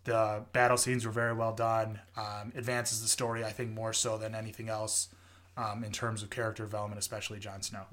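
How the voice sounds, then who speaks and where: A man's voice: lowish voice, flat delivery, brisk, a bit bright. A man co-hosting a casual TV recap podcast, retelling scenes with laughter. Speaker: podcast co-host. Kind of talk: casual chat.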